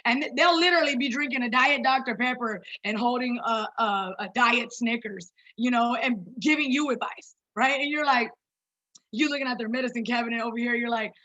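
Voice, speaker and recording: A woman in her thirties with a high, bright voice, talking to a group on a video call. She is chatty and personal and keeps calling her listeners "you guys." The sound is a bit dull and lo-fi. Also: fairly quick. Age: 30s. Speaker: wellness coach presenting to a group. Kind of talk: casual online presentation.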